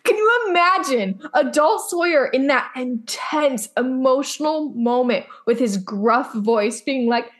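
Woman cohosting a chatty podcast, kinda high voice, blunt and emphatic, swears a lot. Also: lively intonation, a little slow, hardly any pauses. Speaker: podcast co-host. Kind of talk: casual chat recapping a TV episode.

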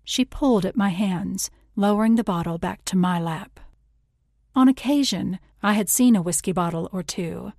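A woman reading a first-person literary audiobook in a measured, intimate way, slipping into whispers on tender passages. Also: medium pitch, vocal fry, a little mellow, no room sound, studio quality. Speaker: audiobook narrator.

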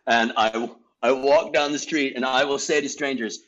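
A man's voice: mid-range voice, steady tone, normal speed, fairly bright tone, highs cut off. A man guesting on a podcast, chatting in a playful, rambling way with lots of restarts. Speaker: podcast guest, improv director. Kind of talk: casual chat.

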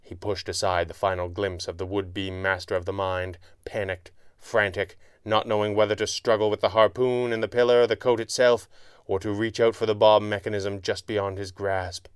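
A man narrating a pulp adventure audiobook in a measured, dramatic way. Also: lowish voice, level tone, clear, resonant tone, no echo, clean studio sound.

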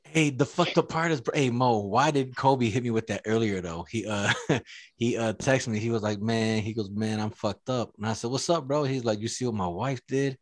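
A man's voice: medium pitch, normal speed, no room sound, clean studio sound. Laughing, slangy man on a podcast. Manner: laughs often, swears, slangy. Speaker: podcast co-host. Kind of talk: casual banter.

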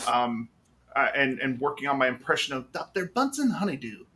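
Goofy man with a lively voice. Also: mid-range voice, brisk. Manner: goofy, does cartoon impressions. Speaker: co-host. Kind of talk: casual livestream chat.

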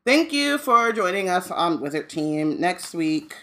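Deadpan young woman, lively pitch. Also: unhurried. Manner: deadpan, teasing. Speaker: podcast cohost. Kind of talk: casual chat.

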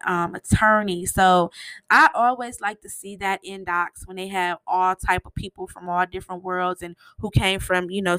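A woman's voice: medium pitch, a bit bright, clear, resonant tone, dry recording. A woman hosting a podcast, giving a casual, rambling recap full of "you know" fillers. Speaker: podcast host.

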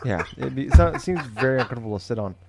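A man's voice: medium pitch, expressive, racing, creaky. A man hosting a podcast in casual banter, joking, laughing easily and swearing offhand. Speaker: podcast host. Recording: noisy with clicks in background.

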